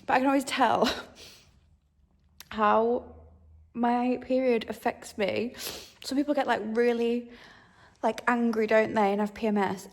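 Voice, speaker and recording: A woman in her thirties talking casually to her camera in a diary-style vlog, chatty and openly emotional, sometimes dropping to a hushed near-whisper. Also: on the high side. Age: 30s. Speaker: vlogger. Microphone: handheld camera.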